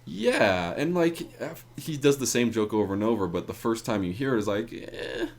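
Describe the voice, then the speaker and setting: A man's voice: medium pitch, animated, normal speed. A man co-hosting a movie review podcast, rambling and trailing off as he talks. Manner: rambling, trailing off mid-sentence. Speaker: podcast co-host. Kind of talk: casual movie review chat.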